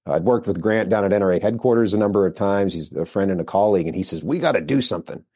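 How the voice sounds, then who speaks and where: Low, mellow-voiced American man chatting. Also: steady tone, fast talker. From United States. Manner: rambling storytelling with fillers and restarts. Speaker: firearms instructor, guest. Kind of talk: casual interview talk.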